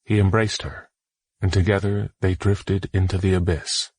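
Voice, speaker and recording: Brief: male narrator, low husky voice, measured and solemn, dry close mic. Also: level tone, darkish tone, no echo. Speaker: audiobook narrator. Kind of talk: scripted audiobook narration.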